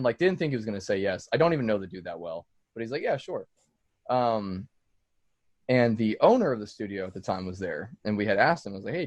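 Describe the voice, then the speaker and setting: Recorded dry, a man with a fairly low voice chats on a casual podcast where he's interviewed as a music producer. His storytelling is loose, full of swearing and fillers such as "like" and "dude."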